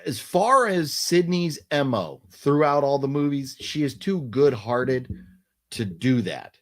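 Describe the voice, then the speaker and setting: A man's voice: medium pitch, lively intonation, slow pace, fairly bright tone. Rambling late-night stream host, a man. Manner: rambling, thinking aloud with many restarts. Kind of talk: casual late-night chat.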